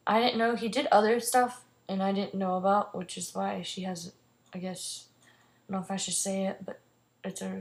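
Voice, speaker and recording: Teen girl, casual vlog storytelling, rambling, lots of "like", restarts. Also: mid-range voice. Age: teens. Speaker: vlogger.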